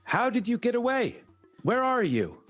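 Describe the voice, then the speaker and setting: A man's voice: very high-pitched, big pitch swings, moderate pace, a bit bright, soft background music, pitched above the performer's own voice, heavily acted. A man voicing an older male benefactor with an Austrian accent, giving clipped orders over a crackly radio. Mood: alarmed. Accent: Austrian, as put on.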